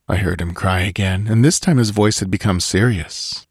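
A man narrating a story in a measured, deliberate reading. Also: low voice, husky, dry recording, studio quality. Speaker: audiobook narrator.

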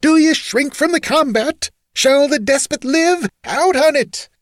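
A shrieking mad minstrel. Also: male voice, unhurried, dry recording, clean studio sound. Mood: frenzied. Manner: shrill screaming fury. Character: frenzied mad young male minstrel. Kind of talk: audiobook reading.

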